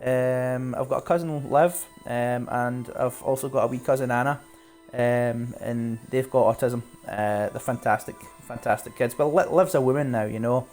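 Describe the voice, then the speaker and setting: A man from Glasgow with a Scottish accent, chatting casually and warmly with viewers while he plays a game live. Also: mid-range voice, steady tone, normal speed, hardly any pauses, faint music behind. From Scotland, Glasgow. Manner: chatty, friendly, asks viewers questions, laughs often. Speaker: streamer.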